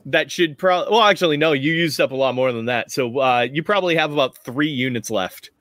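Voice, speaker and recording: A man narrating as game master of a tabletop game, relaxed and rambling with frequent laughs. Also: fairly high pitch, a little fast, dry recording, studio quality.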